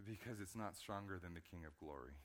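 Male pastor preaching, bright tone, swings from quiet and low to loud and pressing. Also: fairly quick. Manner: building from hushed low passages to loud emphatic preaching; repeats words when emphasizing. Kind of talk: sermon.

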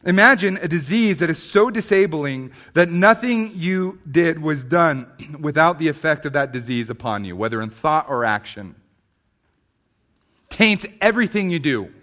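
A man preaching a sermon, swinging from emphatic, rising passages to quiet, slow stresses, often restarting on repeated words. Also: a little high, animated. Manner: emphatic preaching, rising loud then dropping to hushed. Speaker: pastor.

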